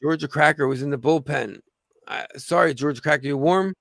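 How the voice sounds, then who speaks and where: A slightly hoarse man with a gravelly voice hosting a casual livestream, rambling with lots of fillers and restarts. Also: on the high side, brisk, a bit bright, dry recording. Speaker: livestream host.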